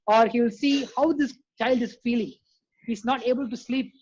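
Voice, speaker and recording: A man arguing firmly and insistently in an online discussion. His voice is husky. The call audio is dull and muffled. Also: very high-pitched, steady tone, normal speed, darkish tone. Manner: firm, insistent. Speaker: discussion participant.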